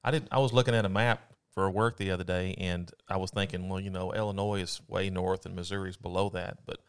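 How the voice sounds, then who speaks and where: A man's voice: deep voice, fairly even intonation, brisk, clean tone. A man, co-hosting a casual chat, explaining things in an easygoing, rambling way. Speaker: co-host.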